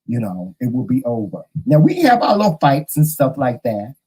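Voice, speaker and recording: A man hosting his own vlog, telling a story in a sassy, animated way straight to his viewers from a room at home. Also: medium pitch, moderate pace, husky, rough recording. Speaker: vlog host. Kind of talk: casual chat to camera.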